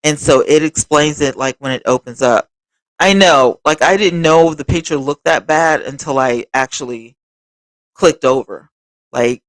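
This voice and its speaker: A woman's voice: low voice, no echo. A woman hosting a casual livestream, chatting expressively and talking straight to her viewers as she reads their comments. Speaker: livestream host.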